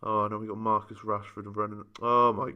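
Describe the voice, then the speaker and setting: A man's voice: on the low side, level tone, moderate pace, clear, resonant tone, highs cut off. Exasperated man moaning over a game. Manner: moaning, exasperated running commentary. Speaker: gaming YouTuber. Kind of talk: casual let's-play commentary.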